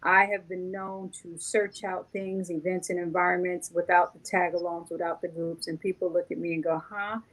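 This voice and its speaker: A woman's voice: fairly low pitch, level tone, moderate pace, few pauses, a bit bright, low-quality recording. A woman on a panel giving emphatic, encouraging advice. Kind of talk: motivational panel talk.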